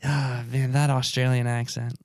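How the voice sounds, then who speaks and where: A man's voice: mid-range voice, flat delivery, normal speed, darkish tone, no room sound, clean studio sound. A man co-hosting a podcast in casual chat, joking and loose, swearing now and then. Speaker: podcast co-host.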